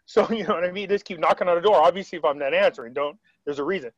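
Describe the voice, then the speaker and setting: A man with a somewhat high voice talks over a video call, rambling through a story and acting out what others said. The sound is dull and lo-fi. The room is dry. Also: very fast, dry recording. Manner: rambling, retells quotes, frequent restarts. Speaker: interviewee.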